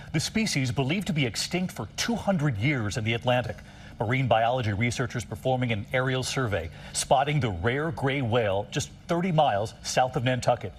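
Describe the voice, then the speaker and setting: A man's voice: medium pitch, breathy edge. A man reading a broadcast news report in a formal newsreader style. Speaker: news anchor.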